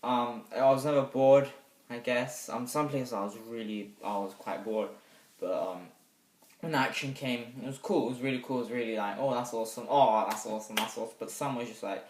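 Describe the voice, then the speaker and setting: A young man reviewing a movie in a rambling, hesitant way, with sudden loud bursts of excitement. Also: medium pitch, brisk. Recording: echoey room, mic set back.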